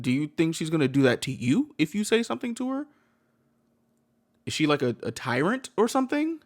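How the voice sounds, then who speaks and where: A man's voice: high voice, fairly bright tone. A man giving heated reaction commentary on a video, blunt and slangy, swearing and repeating himself.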